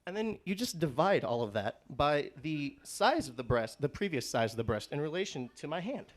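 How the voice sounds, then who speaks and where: A man's voice: fairly high pitch, very animated, normal speed. Young guy doing stand-up, rambly, lots of "like", bit of faint noise. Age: young adult. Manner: rambling, with restarts and "like". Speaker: stand-up comedian. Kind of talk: student stand-up comedy set.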